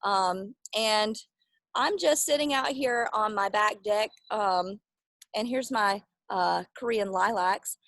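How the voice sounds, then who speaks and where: A woman's voice: mid-range voice, takes it slowly, fairly bright tone, no room sound. Chatty Southern woman on a deck. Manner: chatty, giggly, rambling with fillers. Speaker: real estate panelist. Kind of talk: casual video call chat. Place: outdoors on a back deck. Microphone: video call.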